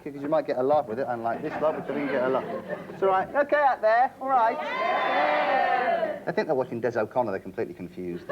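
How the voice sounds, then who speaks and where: A man hosting a TV game show in a studio with an audience, teasing the contestants and cracking jokes. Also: a little high. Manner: teasing, jokey, animated. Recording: lo-fi early 90s TV broadcast, audience noise.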